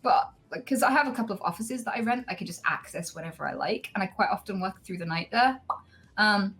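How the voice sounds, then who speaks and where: A woman in her thirties telling a story in casual chat, animated and acting out the other voices. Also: mid-range voice, a little fast, a little hiss or hum. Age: 30s. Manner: animated, acts out voices in quotes.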